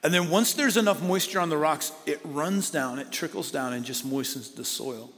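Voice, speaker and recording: A man preaching a sermon, animated with playful asides, then dropping to hushed emphasis. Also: on the high side, moderate pace. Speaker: pastor. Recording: long hall reverb.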